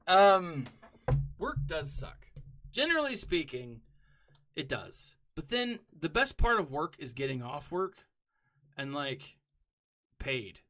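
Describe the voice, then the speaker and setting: Chatty, bright-voiced male streamer. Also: fairly high pitch, big pitch swings, takes it slowly, pauses often. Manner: rambling, chatty, bursts into loud greetings and hums to himself. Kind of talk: casual live-stream chat while gaming.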